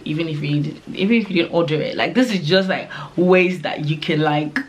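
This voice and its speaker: A woman's voice: sits low, fairly quick, few pauses. Young woman vlogger, loose chatty advice read, rambling with lots of fillers. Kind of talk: casual advice talk to camera.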